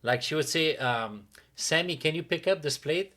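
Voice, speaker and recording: A man co-hosting a podcast, telling a dating story in a casual, animated way and acting out what others said. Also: on the high side, normal speed. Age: adult with a teen-era dating life, father. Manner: animated, acts out quotes of others. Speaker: podcast co-host.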